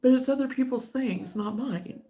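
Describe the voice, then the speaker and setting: A woman's voice: sits high, normal speed, mellow, muffled recording. A woman hosting a casual crochet livestream, chatting with viewers in an exasperated but easygoing way.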